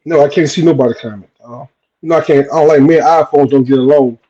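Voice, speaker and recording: Husky teasing man co-hosting. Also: fast talker, mellow, highs cut off. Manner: teasing, swinging pitch. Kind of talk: casual livestream chat.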